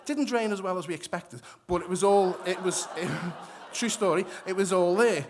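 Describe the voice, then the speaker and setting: A man telling a live story on a hall stage, his voice pitched a little higher than most men's. He is animated, acts out the people in his tale and keeps restarting his sentences. A faint hiss sits under the recording. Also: moderate pace. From migrated to Australia. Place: stage in a hall before an audience.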